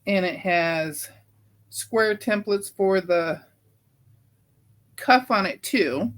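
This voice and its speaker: A woman's voice: medium pitch, a bit bright. A middle-aged woman hosting her own quilting channel, talking through a crafting project in a chatty, homey way with filler ums. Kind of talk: casual crafting tutorial.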